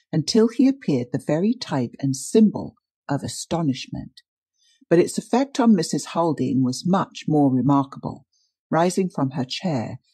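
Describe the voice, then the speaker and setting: A man narrating a classic detective audiobook in an even, descriptive way. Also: a little high, slightly rough, no echo, clean studio sound. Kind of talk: scripted narration.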